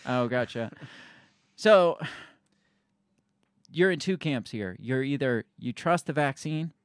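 A man's voice: mid-range voice, lively intonation, slow, clear, resonant tone, dry recording, clean studio sound. A man co-hosting a podcast, ranting and swearing in exasperated casual chat. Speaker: podcast co-host.

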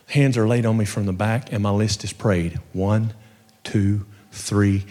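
Preacher with hall reverb. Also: male voice, lowish voice, slightly rough. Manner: storytelling, swings from hushed to rising fervor. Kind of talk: sermon with personal testimony.

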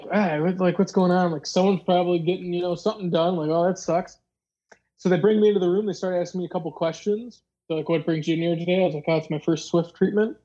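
Mellow-voiced podcast host, rambling and casual. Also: medium pitch, lo-fi sound. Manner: rambling, filler-heavy, acts out dialogue. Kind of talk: casual storytelling chat.

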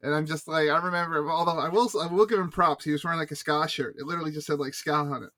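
A man's voice: fairly high pitch, very fast, bright, forceful tone. Canadian man telling rambling stories. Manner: rambling storyteller, self-deprecating. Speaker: podcast co-host. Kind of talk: casual chat.

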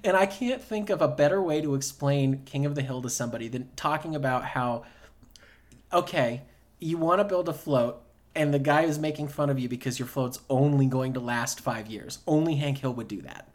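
A male podcast co-host in relaxed conversation. His voice sits at an ordinary middle pitch, and he speaks in a measured, unhurried way, padding his thoughts with ums and uhs. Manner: easygoing, measured, with frequent fillers. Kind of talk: casual chat.

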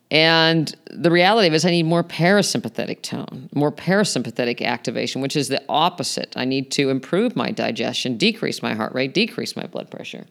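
A man's voice: medium pitch, creaky, smooth. A man hosting a podcast, explaining health topics in a conversational way with frequent fillers. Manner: explanatory, conversational, many "you know" fillers. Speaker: podcast host. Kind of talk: solo health podcast talk.

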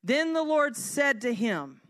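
A woman giving a devotional teaching in an earnest way, reading scripture slowly and at times dropping to a soft hush. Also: high-pitched, very animated. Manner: earnest, slows down to read scripture. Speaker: speaker.

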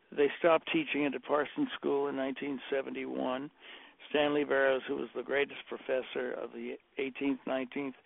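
An older man, a decorator telling rambling, animated anecdotes and acting out the quotes in a casual chat. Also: mid-range voice, vocal fry, dry recording. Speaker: interior decorator guest. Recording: dry tinny phone-like audio.

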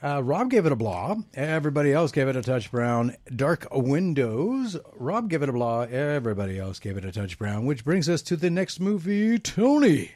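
A man's voice: mid-range voice, big pitch swings, normal speed, hardly any pauses, a little mellow, no echo. A male radio host with a mid-range voice, rambling and jokey, laughing easily between remarks. He steers a casual panel of movie reviews in a dry, close studio sound.

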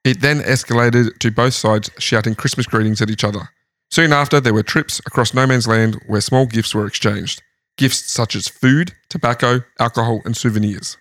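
A man's voice: medium pitch, fairly even intonation, normal speed, fairly bright tone, no room sound, clean studio sound. A man host casually telling a history story in a lounge room, laughing often. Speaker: podcast host.

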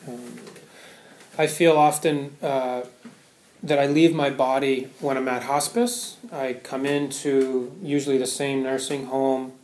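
A man's voice: medium pitch, level tone, slow pace, darkish tone, echoey room. A man giving a Buddhist Dharma talk to a live audience, conversational, often checking in with "right?". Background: audience laughter.

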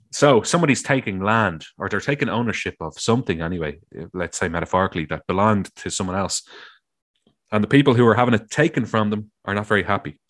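A man with a low voice co-hosting a relaxed chat. He talks loosely and swears now and then. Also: fast. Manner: casual, swears, quotes film lines loudly. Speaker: co-host. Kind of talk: casual chat.

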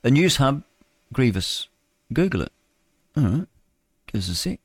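A man's voice: mid-range voice, big pitch swings, a little slow, breathy edge, dry recording, clean studio sound. A male radio host with a New Zealand accent, reading the news casually with stumbles and chatty asides.

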